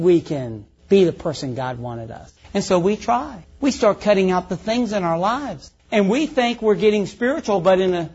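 A man's voice: sits high, lively intonation, normal speed, few pauses, a little mellow, breathy edge, lo-fi sound. A man preaching a sermon in a folksy, conversational way, calling out to his congregation.

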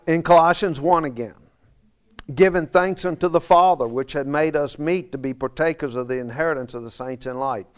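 With a fairly high-pitched voice, this pastor delivers a sermon, asking his congregation rhetorical questions and shifting from emphatic lines down to soft asides.

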